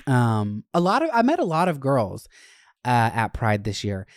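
A young adult podcast host telling stories in a casual, animated, profane way. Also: mid-range voice, unhurried, dry recording, studio quality. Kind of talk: casual chat.

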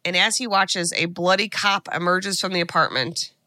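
Bright-voiced woman recapping a film. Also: on the low side, fairly even intonation, normal speed, no echo. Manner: retells a film plot with quoted voices. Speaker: podcast co-host. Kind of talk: casual chat.

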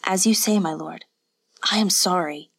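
Timid innkeeper's wife in an audiobook, humble and apologetic, soft lower voice, read by a woman narrator. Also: moderate pace, gravelly, breathy edge, no echo, heavily acted. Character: frightened servile innkeeper's wife, middle-aged.

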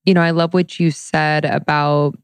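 Woman host w a really low voice, chatty, super affirming, dry mic. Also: flat delivery, normal speed, clear, resonant tone, no echo. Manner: warmly affirming, enthusiastic. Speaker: podcast host. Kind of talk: casual interview chat.

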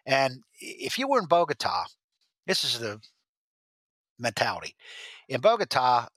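A man as the podcast guest, telling rambling stories with halting restarts. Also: medium pitch, huge pitch swings, fairly bright tone, no echo. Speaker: guest, former drug agent. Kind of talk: storytelling interview.

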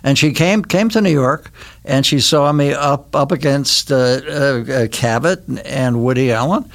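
A man's voice: medium pitch, measured pace. Older man telling rambling anecdotes. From Milwaukee, Wisconsin. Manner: rambling anecdotal storytelling with many restarts. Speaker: guest, actor. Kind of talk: casual interview chat. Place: recording studio.

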